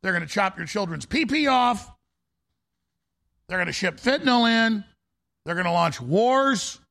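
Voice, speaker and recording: Gravelly, high-voiced ranting male host. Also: expressive, unhurried. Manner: intense, forceful, conspiratorial. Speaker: talk show host. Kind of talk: ranting monologue.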